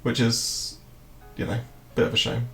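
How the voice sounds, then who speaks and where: On a trading livestream, a man who streams crypto chats loosely at normal speed in a fairly bright tone. He rambles, curses and laughs a lot, with roomy echo and soft background music.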